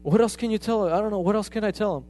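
A man's voice: high voice, very fast, mellow. A man preaching a sermon in a conversational way, often retelling conversations as quoted dialogue.

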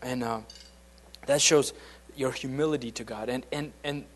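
A man's voice: medium pitch, steady tone, moderate pace, a little hiss or hum. A man giving an informal, conversational sermon, often restarting his sentences and acting out the voices he quotes. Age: adult, beyond his late teens. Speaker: preacher.

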